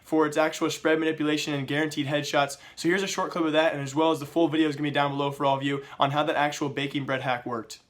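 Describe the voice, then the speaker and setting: Fast, flat-voiced man with a sick voice. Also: a little high. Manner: rapid, flat delivery. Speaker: esports news host. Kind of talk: fast scripted news roundup.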